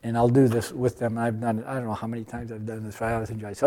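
An older man giving a sermon, telling a story and acting out the dialogue as he goes. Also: rapid-fire. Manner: storytelling, acts out dialogues with lively pitch jumps. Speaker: preacher. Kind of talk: sermon with acted-out stories. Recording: long reverb of a large hall.

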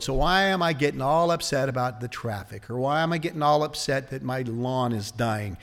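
A man preaching a conversational sermon as pastor, shifting into a soft hush for prayers. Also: medium pitch, moderate pace, few pauses, long reverb tail.

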